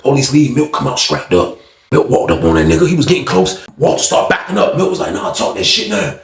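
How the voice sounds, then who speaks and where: A man casually telling a story in a profane, animated way, laughing often. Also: a little high, fast, reverberant.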